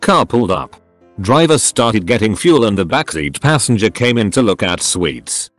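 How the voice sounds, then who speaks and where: A man's voice: lowish voice, big pitch swings, normal speed, a bit bright, no echo. A man narrating online stories aloud in a plain storytelling delivery. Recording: dry close recording with faint background music.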